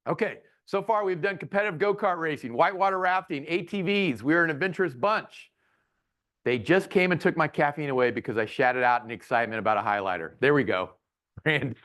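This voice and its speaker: Animated, playful male speaker. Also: medium pitch. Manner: playful, bursts into loud comic characters. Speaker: keynote speaker and humorist. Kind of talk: lively webinar presentation.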